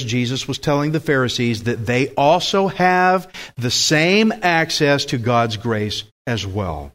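A man's voice: medium pitch, animated, unhurried, hardly any pauses, fairly bright tone. A man preaching a sermon with emphatic delivery, putting questions to the congregation.

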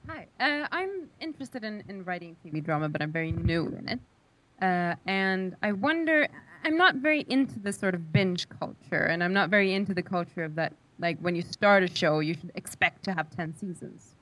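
A woman's voice: fairly low pitch, animated, moderate pace, fairly bright tone, rough recording. A woman in the audience asking the panel a tentative, carefully worded question. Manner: tentative, explains herself at length.

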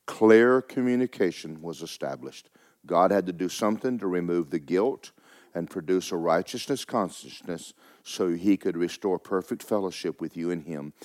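A man preaching a sermon, with folksy asides, rising loud to stress a point and dropping low to tell a story. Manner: folksy preaching, rises loud for emphasis, drops low for stories. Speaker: pastor.

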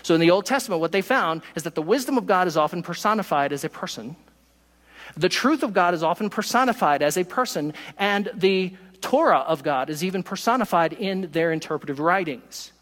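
A man preaching a sermon as pastor, emphatic, speeding through asides and slowing down to stress key words. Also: sits high, lively intonation, a bit bright, in a large hall. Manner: emphatic preaching, pace shifting from quick asides to slow stresses.

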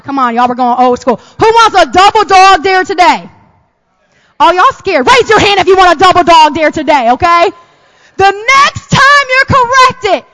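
A high-pitched woman preaches to a congregation, her voice carrying a long reverb through a large hall. She swings from loud, punchy emphasis to soft, quiet asides. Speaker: pastor. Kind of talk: sermon.

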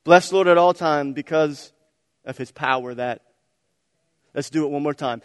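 A man preaching a sermon as pastor, moving between quiet prayerful reading and loud calls for the congregation to answer back. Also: fairly high pitch, expressive, normal speed, pauses often, clean studio sound. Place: church sanctuary. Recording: long reverb of a large hall.

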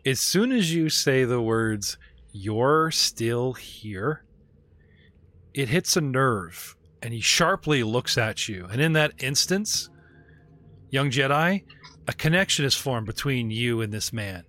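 A man narrating and running a tabletop role-playing game as game master, animated and laughing, slipping into quick character voices. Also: mid-range voice. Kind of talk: narrating a tabletop game over video call. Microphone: video call.

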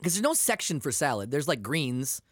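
A man in a casual podcast chat who tells stories with a lively, swinging voice and a lot of profanity. He sits a touch higher than most men. His voice is recorded dry and close, with no room sound. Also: normal speed, husky, no echo. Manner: profane, animated storyteller.

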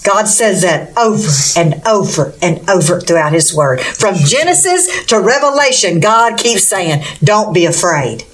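A woman's voice: on the low side, very animated, unhurried, hardly any pauses. A woman preaching a sermon with fervent, exclamatory delivery and rhetorical questions.

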